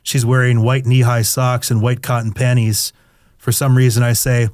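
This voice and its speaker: A man's voice: mid-range voice, little pitch movement, normal speed, a little mellow, dry recording, studio quality. A middle-aged man reading his own memoir aloud in the first person, candid and crude in a confessional tone.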